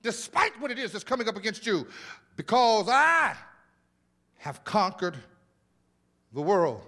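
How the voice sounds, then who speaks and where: Pastor, male, high voice, lively sermon delivery with stacked repetitions and folksy asides, live in church. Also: moderate pace. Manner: animated preaching with repeated words and exclamations; informal, conversational asides to the congregation. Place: church sanctuary.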